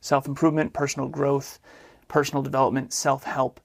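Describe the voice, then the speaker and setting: A man's voice: mid-range voice, flat delivery, brisk, vocal fry. A man co-hosting a relationship podcast in upbeat, enthusiastic casual chat. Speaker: podcast co-host.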